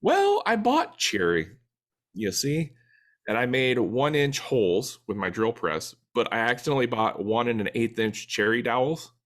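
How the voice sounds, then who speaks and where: A man's voice: mid-range voice, normal speed, a bit bright. A man co-hosting a woodworking podcast, chatting casually and rambling through stories with lots of filler words. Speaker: podcast co-host. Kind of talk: casual chat.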